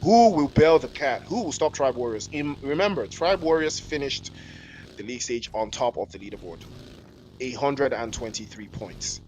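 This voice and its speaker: A man's voice: medium pitch, animated, moderate pace. A man casting live esports, mixing play-by-play with joking, slangy chat banter and frequent laughter, on a headset mic with faint background noise. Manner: jokey, rambling, slangy, laughs often. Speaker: esports caster.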